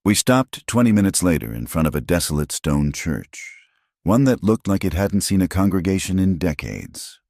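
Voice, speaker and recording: A man narrating a first-person story as an audiobook reader, with steady, dramatic storytelling. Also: sits low, normal speed, no room sound, clean studio sound.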